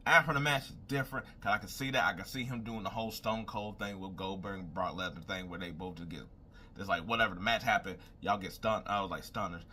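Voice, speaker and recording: A young man with a low, sharp voice talks fast over slight hiss or hum. Speaking casually alone as a wrestling commentator, he rambles and thinks aloud through predictions, constantly saying "I was like".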